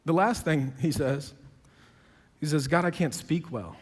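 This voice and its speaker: A man with a high-pitched voice delivers a sermon, emphatic and swinging between quiet low passages and loud raised ones. He throws in sarcastic, joking asides. His voice carries a long reverb, as if he is in a large church auditorium. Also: measured pace, husky. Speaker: pastor. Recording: long reverb of a big hall.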